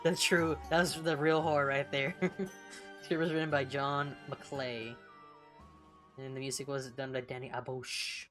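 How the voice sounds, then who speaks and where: A young woman from California, a streamer chatting casually while reading along, blunt and profane and quick to laugh. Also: a bass voice, steady tone, a bit bright, faint music behind. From California, United States.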